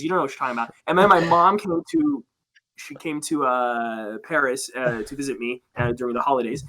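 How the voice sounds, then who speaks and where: Animated young woman telling stories. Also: extremely low pitch, brisk, poor audio. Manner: animated storyteller who acts out quoted voices and swears freely. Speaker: podcast guest. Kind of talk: casual chat, storytelling.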